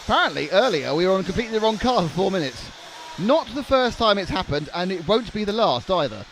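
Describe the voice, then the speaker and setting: A young man calls live radio-control races with a joking, rambling delivery that often stammers into restarts. His voice sits a little high. Engine whine and track noise run underneath. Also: big pitch swings, quick pace, fairly bright tone. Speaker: commentator. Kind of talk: live race commentary. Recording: noisy trackside broadcast.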